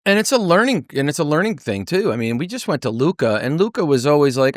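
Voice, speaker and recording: A man's voice: fairly high pitch, lively intonation, quick pace, few pauses, no room sound, clean studio sound. A man from Rhode Island with a Northeastern American accent, co-hosting a casual podcast chat in a rambling way with plenty of fillers. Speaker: podcast co-host.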